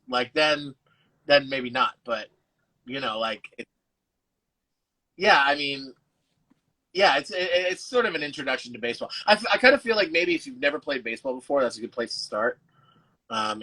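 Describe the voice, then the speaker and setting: A man's voice: mid-range voice, animated, moderate pace, bright, forceful tone, low-quality recording. A man, an actor guest, chatting casually over a video call, loose and full of fillers and restarts, with the odd swear. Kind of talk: casual chat.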